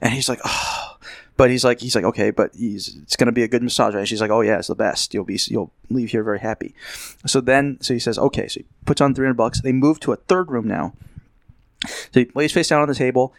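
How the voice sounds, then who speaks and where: A man in casual conversation spins a meandering story, slipping into quoted voices of the people in it. His voice sits at a middling pitch and is recorded close and dry. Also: fairly quick, vocal fry, no room sound. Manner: rambling storyteller, acts out quotes. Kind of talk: casual anecdote. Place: Las Vegas.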